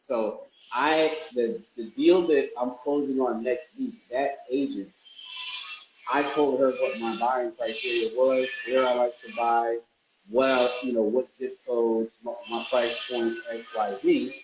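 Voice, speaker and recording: A man's voice: medium pitch, steady tone, a little slow, background noise. A man, a real estate investor, talking casually to his viewers in a loose, rambling way with lots of restarts. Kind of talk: casual vlog talk to viewers. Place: indoors, a warm room. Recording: echoey room, dull lo-fi sound.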